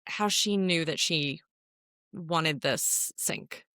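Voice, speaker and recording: A woman co-hosting a casual podcast, talking in an animated, playful way and laughing easily. Her voice is bright and forward, recorded close and dry. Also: low voice, extremely slow, dry recording. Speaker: podcast co-host. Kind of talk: casual chat.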